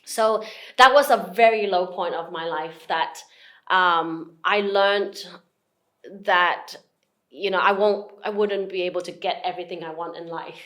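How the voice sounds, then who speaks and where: A middle-aged woman, a motivational speaker, telling a personal story as an interview guest in an emphatic, animated way with restarts. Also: lowish voice, measured pace, reverberant.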